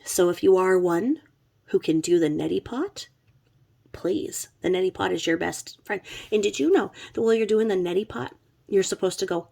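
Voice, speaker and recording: A woman's voice: mid-range voice, normal speed, gravelly, darkish tone. A woman who is sick with covid, talking in a chatty, blunt, rambling way and swearing freely. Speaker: true crime commentary host. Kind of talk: casual rambling commentary.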